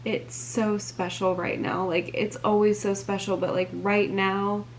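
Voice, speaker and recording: A woman's voice: medium pitch, level tone, a little slow, slight background noise. A young woman vlogger chatting casually while she crafts, gushing and filling her talk with "like" and sighs. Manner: gushing, filler-heavy, breathy sighs.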